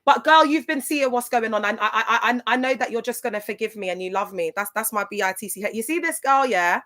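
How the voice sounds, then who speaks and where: A woman's voice: a little high, a little fast, few pauses, a bit bright. A woman hosting a casual livestream, talking emphatically and repeating herself, tearful at times. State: tearful in places. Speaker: livestream host.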